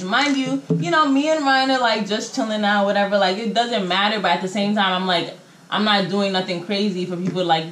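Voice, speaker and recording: This home storytime vlog features a young adult woman with a medium-pitched, slightly bright voice at a moderate pace, chatting in slang and acting out people's words. The camera-mic recording is low quality and reverberant.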